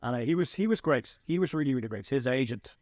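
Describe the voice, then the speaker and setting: An Irish man hosting a podcast, telling animated anecdotes in a casual chat with frequent restarts. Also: mid-range voice, fast, no echo. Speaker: podcast host and filmmaker.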